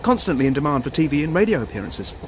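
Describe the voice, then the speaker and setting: A giggly, gushing style guru. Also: male voice, fairly high pitch, very animated, rapid-fire, a little hiss or hum. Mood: boastful. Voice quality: gushing, giggly, stumbling over words. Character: excitable vain male style magazine editor.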